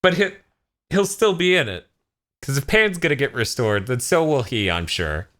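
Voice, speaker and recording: A man co-hosting a podcast, recapping an anime episode in casual chat, swearing freely and acting out the characters. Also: moderate pace. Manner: animated retelling, jumps into high squeaky voices for quoted characters, swears freely. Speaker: podcast co-host.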